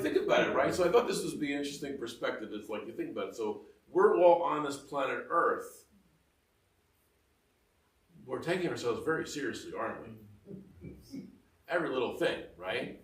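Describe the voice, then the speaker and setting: A man's voice: medium pitch, animated, moderate pace, long pauses. Middle-aged male homilist, loose and self-mocking, a little off-mic in a roomy church. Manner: chatty, self-mocking, full of asides and laughter. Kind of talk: conversational homily. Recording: roomy echo, mic heard from a distance.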